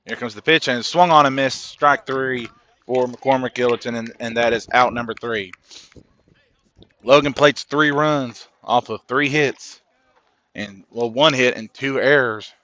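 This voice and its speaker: A man's voice: medium pitch, a little slow, muffled recording. Male baseball play-by-play announcer. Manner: steady play-by-play, rises with big plays. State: coughing, throat irritated. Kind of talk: sports commentary. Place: booth at a high school baseball game.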